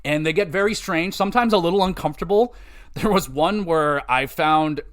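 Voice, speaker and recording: A man's voice: on the high side, normal speed. A man hosting a podcast, rambling casually and swearing as he retells game stories. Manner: rambling, profane, animated retelling with quoted voices. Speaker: podcast host. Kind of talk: casual game-review chat.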